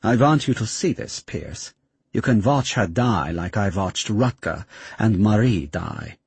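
Audiobook commander: deep, cold, accusing, husky edge, read by a man. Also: animated, unhurried, no room sound, full character voice. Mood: bitter. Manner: bitter, accusing. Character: menacing grieving military commander, man.

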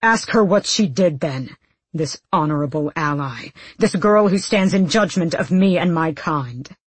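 A woman reading an audiobook, voicing a stern, grave young male soldier who speaks low and quietly. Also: animated, unhurried, breathy edge, no room sound, full character voice. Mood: heated.

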